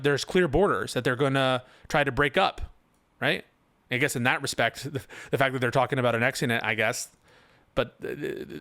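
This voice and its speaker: A man's voice: mid-range voice, a bit bright, dry recording. A male commentator giving reaction commentary, rebutting a written post point by point with incredulous, sarcastic remarks. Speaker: political commentator.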